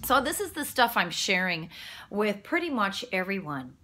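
Chatty, animated woman life coach. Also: medium pitch, moderate pace. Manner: animated and chatty, laughing at herself, dropping into soft whispers. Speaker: quantum healing practitioner and life coach. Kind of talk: casual motivational monologue.

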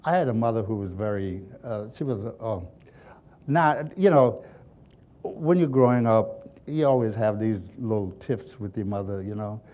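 An older man reminisces in an interview, spinning folksy stories from his childhood. He chuckles often and keeps the telling lively. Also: fairly low pitch, moderate pace, dull audio. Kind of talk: storytelling reminiscence.

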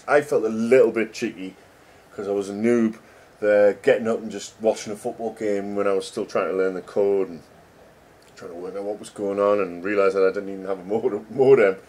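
A man's voice: fairly low pitch, steady tone, fairly quick, a little mellow. A middle-aged man, a game developer chatting casually and joking as he reads code names aloud. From England. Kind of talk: casual commentary while reading code.

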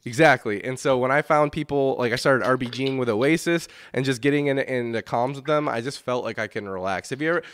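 A man's voice: medium pitch, quick pace, few pauses, fairly bright tone. A man hosting a gaming podcast, talking in a loose, rambling way with lots of fillers and restarts, and swearing casually. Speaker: podcast host.

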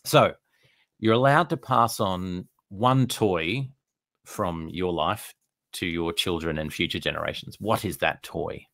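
A man's voice: low-pitched, a little slow, creaky, a bit bright, no echo. A man with an Australian accent hosting a podcast interview, asking playful quiz-style questions. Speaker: podcast host.

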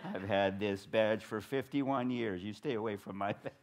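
A man's voice: fairly low pitch, moderate pace, slight background noise, voice pushed down, close to an everyday voice. A man doing a stern devout old mother. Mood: scolding. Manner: stern and fond, scolding her grown son. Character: elderly mother, firm, loving, devout.

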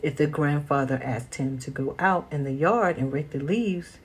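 A woman reading a children's picture book aloud as a storyteller, slow and expressive. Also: sits low, slightly rough.

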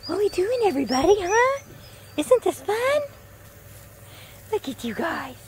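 A woman outdoors talking to puppies in a high, sing-song baby-talk voice. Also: very animated, unhurried, slight background noise. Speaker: dog owner filming puppies. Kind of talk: casual chat to puppies. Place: outdoors in a yard.

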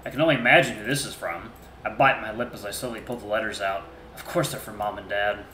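A man's voice: lowish voice, fast, pushed and bright, reverberant, slight background noise. A man hosting a Let's Play, greeting viewers in a friendly, upbeat way and narrating a story game.

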